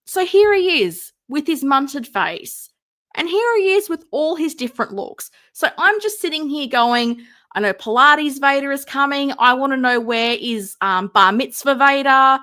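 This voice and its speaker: A woman's voice: sits high, lively intonation, a little slow, bright, forceful tone. An Australian woman hosting a casual livestream, tired and rambling, with a wry, mumbly way of talking. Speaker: host of a figure collecting livestream.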